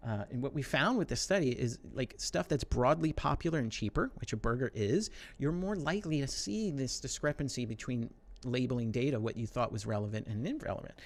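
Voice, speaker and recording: A man's voice: mid-range voice, expressive. Chatty man giving a tech talk. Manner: conversational, filler-heavy, quick asides. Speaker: conference speaker.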